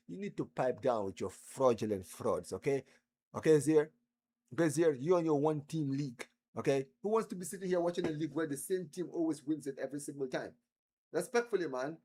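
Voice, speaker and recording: A man's voice: high-pitched, a bit bright. A man hosting a live football stream, heckling and trash-talking viewers in chat.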